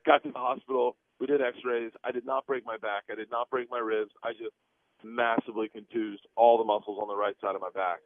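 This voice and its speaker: A man's voice: on the low side, a little fast, dry recording. A man in his forties telling a story in a radio interview, calling in by phone and laughing as he talks. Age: 40s. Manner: animated, laughs through his own story. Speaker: guest comedian. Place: on a plane, then an airplane lavatory. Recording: tinny dry phone line.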